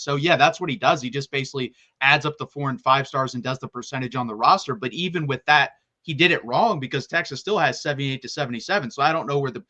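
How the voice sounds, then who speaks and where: A man with a bright, forceful voice talks college football in a casual chat. He is excitable and rapid-fire and keeps restarting his sentences. His pitch sits mid-range for a man. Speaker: college football podcast co-host.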